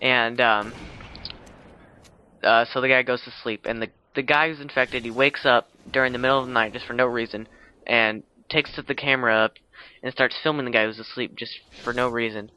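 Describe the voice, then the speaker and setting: A man's voice: medium pitch, pushed and bright, poor audio. A man casually retelling a film plot, rambling with many fillers and self-corrections. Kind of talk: casual spoken plot summary.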